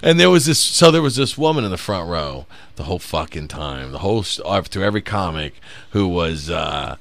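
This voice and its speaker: A man who is a stand-up comic, telling profane, animated stories in a casual podcast chat. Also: low voice, a little fast, no room sound. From South Bend, Indiana.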